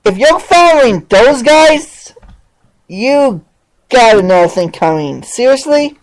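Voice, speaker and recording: A male podcast host rants in a very high, sing-song, slow voice on a low-quality recording. Mocking and sarcastic, he keeps asking "seriously" over and over.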